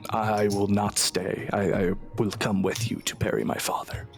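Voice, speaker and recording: A man voicing a wary young village woman who is grieving but tough, speaking in halting, stammering bursts. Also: fairly low pitch, flat delivery, creaky, faint music behind.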